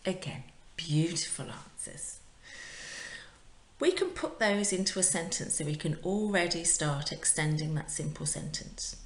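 Casting note: female teacher, low and unhurried, patient and clear, recorded in an echoey room. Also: expressive. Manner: clear, patient, drills words for repetition. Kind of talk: recorded remote language lesson. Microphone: home recording for remote class.

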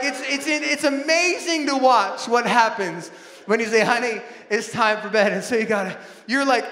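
A man in his thirties preaching a sermon in a church, animated, acting out family scenes with bursts of shouting. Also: very high-pitched. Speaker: pastor. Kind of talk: sermon with storytelling. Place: large church auditorium. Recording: echoey hall with long reverb.

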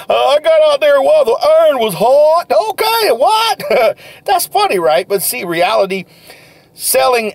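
A man giving an energetic, folksy motivational talk as a sales coach, repeating his key phrases. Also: high-pitched, vocal fry, husky, no room sound.

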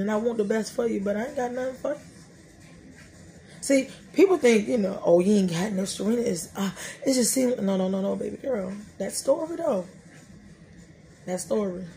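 Gravelly-voiced woman telling stories. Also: medium pitch, brisk, mellow, slight background noise. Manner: colloquial, storytelling, joking. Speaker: podcast host. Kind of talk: casual faith talk.

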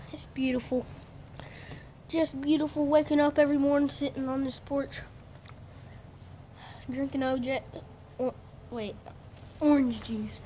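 Her voice sits high and warm, with fairly even intonation, an unhurried pace, and long pauses. The teenage vlogger rambles through her home, rooms and outdoors alike, making distracted asides in a noisy handheld-phone video.

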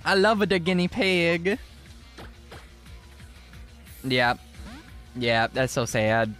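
Animated young man streaming a game. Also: fairly high pitch, extremely slow, soft background music. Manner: animated, exclaiming, casual slang. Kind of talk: live gameplay commentary, chatting with viewers.

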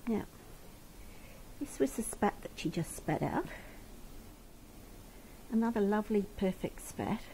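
Gravelly-voiced Australian woman cooing. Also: mid-range voice, expressive, a little slow, long pauses, dark tone, slight background noise. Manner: coos tenderly with pet names. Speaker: wildlife carer. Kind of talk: talking to a rescued animal. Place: indoors at home.

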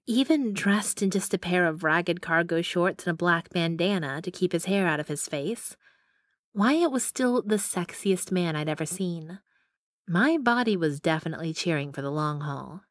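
A woman's voice: lowish voice, no room sound. A young adult woman narrating a first-person romance audiobook in an intimate, wry manner on a close mic.

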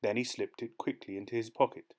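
A man reading a short story aloud as an audiobook narrator, steady and measured. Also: medium pitch.

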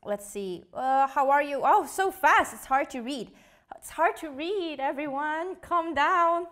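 A young woman hosts a live quiz stream, her voice sitting high. She chats playfully and giggles as she reads out viewer comments. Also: expressive, a little slow, a bit bright. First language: Korean. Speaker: host of a live quiz show.

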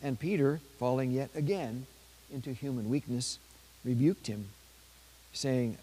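A man with a dark, mellow voice reads aloud from a saint's life at a measured pace. Now and then he stops to add a quick aside in his ordinary speaking voice. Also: medium pitch, fairly even intonation, slightly rough, low-quality recording. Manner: measured reading with brief spoken asides. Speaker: priest.

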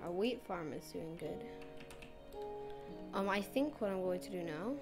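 A woman's voice: fairly low pitch, expressive, a little slow, music in the background. A woman giving rambling, casual commentary as she plays a game, chatting away and talking to the animals she meets. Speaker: gameplay streamer.

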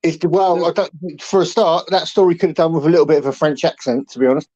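Teasing man in casual chat, higher voice, lo-fi. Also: fairly even intonation, fast talker, mellow, dry recording. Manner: teasing, joking.

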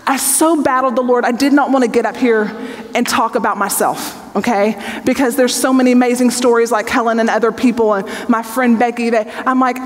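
A woman in her forties, a Bible teacher, giving an earnest, conversational testimony sermon and often checking in with her audience. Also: fairly high pitch. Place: large hall with an audience. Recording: long reverb of a large hall.

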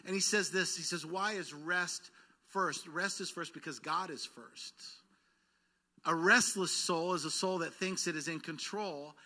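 Male pastor, slightly high, very bright voice, lively sermon delivery with call-and-response. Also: breathy edge. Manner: engaging the congregation for call-and-response; lively, quick bursts then slowed words. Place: church sanctuary.

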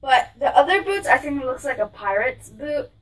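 A woman's voice: sits high, big pitch swings, moderate pace, distant mic, rough recording. Bubbly vlogger woman with a raised voice who is set back from the mic. She gushes about her haul. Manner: gushing, bubbly, repeats how cute things are. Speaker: vlog host showing a clothing haul. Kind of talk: casual haul vlog. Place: her room with a closet behind.

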